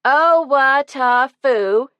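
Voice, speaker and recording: A woman voicing a group of rowdy young Cub Scout boys who groan and chant loudly in a high voice. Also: extremely slow, no echo, lo-fi sound, full character voice.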